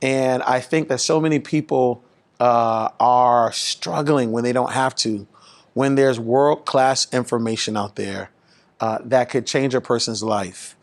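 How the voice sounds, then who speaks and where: A pastor talking in an animated, preaching-style way, rising in pitch and volume to drive his points home. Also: measured pace. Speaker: pastor and guest speaker.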